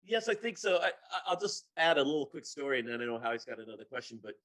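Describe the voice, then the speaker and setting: A man's voice: mid-range voice, big pitch swings, fast talker, fairly bright tone, low-quality recording. A man telling a casual anecdote in a church discussion, chatty and laughing now and then.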